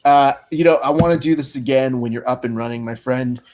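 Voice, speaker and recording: A man's voice: mid-range voice, fairly quick, a little mellow, a little hiss or hum. A man hosting a casual podcast interview, joking and rambling through a story. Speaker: podcast host.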